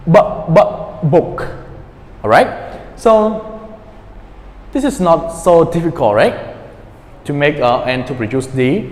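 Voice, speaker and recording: A male teacher in a pronunciation lesson, patiently repeating words and checking in with his students. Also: on the high side. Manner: patient, repeats words slowly, many fillers and checks like "okay?". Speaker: English teacher. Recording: echoey room with long reverb.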